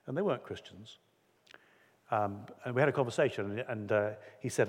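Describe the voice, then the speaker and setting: A man's voice: on the low side, a little fast, breathy edge. A man preaching a sermon in an earnest, conversational way, acting out quotes as he goes. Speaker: pastor. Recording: long hall reverb.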